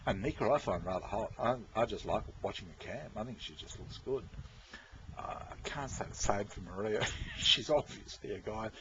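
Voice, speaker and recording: A man's voice: on the low side, lively intonation, normal speed. Rambling man vlogging, dull lo-fi sound. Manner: rambling, repeats himself, swears, chuckles. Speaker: vlogger talking to viewers. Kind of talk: casual rambling monologue. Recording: dull lo-fi with faint noise.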